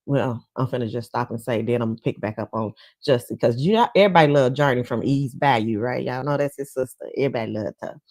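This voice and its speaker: A woman's voice: rumbling low, fast, hardly any pauses, darkish tone, dry recording. A woman hosting a livestream talk show, chatting casually and gossipily with her viewers and laughing between points. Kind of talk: casual commentary chat.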